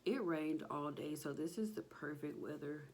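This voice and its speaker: There's slight background noise as a pregnant young vlogger talks with her audience in her home kitchen. Her low, darkish voice moves at a normal speed, and she sounds winded, sighing between phrases in this casual chat.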